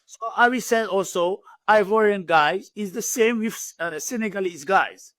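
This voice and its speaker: Animated young man, English. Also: sits high, moderate pace, no room sound. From Ivory Coast. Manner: non-native English, animated, says "you know" and "bro" often. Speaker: guest. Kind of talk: casual interview chat. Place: small room in military lodging.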